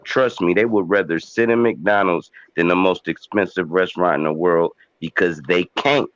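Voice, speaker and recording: A man's voice: low voice, normal speed, no room sound, lo-fi sound. A man in casual podcast chat, making emphatic arguments backed by examples.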